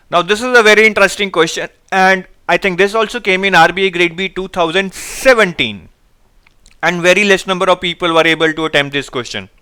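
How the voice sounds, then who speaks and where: A high-voiced man teaches a live online class. His tone is bright and clean, close to the mic. He keeps calling on viewers to answer and reads their replies out. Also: clean tone. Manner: energetic, coaxing viewers to answer. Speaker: online exam-prep teacher.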